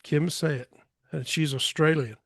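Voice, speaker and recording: A man's voice: on the high side, fairly even intonation, measured pace, vocal fry, no echo. A man talking as a podcast guest, telling a story in a forthright, emphatic way. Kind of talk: casual storytelling.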